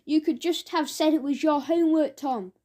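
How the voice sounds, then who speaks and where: A woman's voice: sits high, normal speed, warm tone, voice pushed up, close to an everyday voice. A woman doing an earnest schoolgirl. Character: earnest well-behaved schoolgirl.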